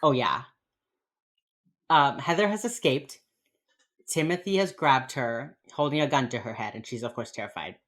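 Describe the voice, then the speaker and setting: A woman's voice: very deep voice, moderate pace, pauses often. A woman co-hosting a podcast, chatting casually and laughing as she recaps a TV episode. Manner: laughing, animated, acts out characters in quotes. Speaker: podcast co-host. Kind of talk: casual chat recapping a TV show.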